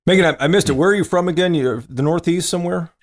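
A man's voice: fairly high pitch, fast talker. Folksy ribbing male podcast co-host. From Tennessee. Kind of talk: casual chat.

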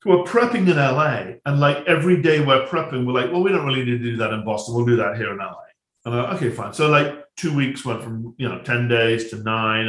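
A man's voice: medium pitch, fairly bright tone, roomy sound. A man, a film director, telling stories from his shoots in a rambling casual way, full of restarts and asides. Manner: rambling, many restarts and asides, laughs at own jokes.

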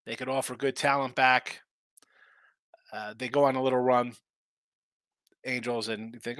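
A man's voice: mid-range voice, flat delivery, moderate pace, pauses often, a bit bright, no echo. A man hosting a sports betting show, talking casually and rambling through opinionated takes full of rhetorical questions.

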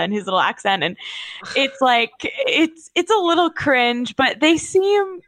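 A woman's voice: a little high, expressive, moderate pace, a bit bright, no echo. A woman co-hosting a gossip podcast, chatty and self-mocking, with frequent "like". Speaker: podcast co-host. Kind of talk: casual celebrity gossip chat.

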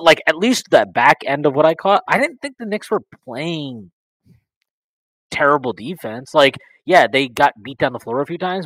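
A man co-hosting a sports podcast, talking bluntly and with lots of energy, and he swears freely. His voice sits a little high for a man and is recorded close and dry. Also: fairly bright tone, no room sound, rough recording. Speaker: podcast co-host. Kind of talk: casual sports chat.

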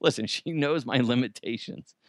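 A man's voice: mid-range voice, normal speed, no room sound. Rambling self-mocking man, dry close sound. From Colorado. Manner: rambling, self-deprecating, jokey asides. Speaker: podcast host. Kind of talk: casual solo chat.

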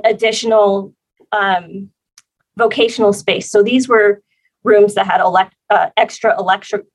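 A woman guest on a podcast interview, explaining her work as a facility planner in a measured way. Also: medium pitch, rough recording.

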